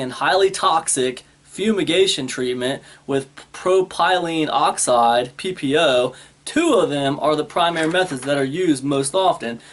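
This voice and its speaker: A man's voice: fairly high pitch, slight background noise. A man vlogging an angry warning to viewers, cussing freely and retelling a phone call in a heated, exasperated way. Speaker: product review vlogger. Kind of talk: angry rant to camera.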